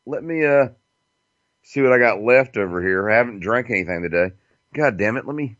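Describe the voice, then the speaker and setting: A man's voice: medium pitch, lively intonation, normal speed, a bit bright, dry recording, dull audio. A man hosting a casual internet radio show, rambling and profane, with frequent fillers and chuckles.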